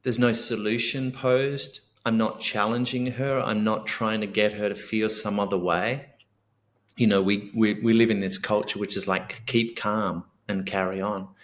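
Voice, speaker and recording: A man's voice: on the low side, a bit bright. A middle-aged man, a guest author and coach in a podcast interview, talking earnestly and reflectively and acting out sample lines of dialogue.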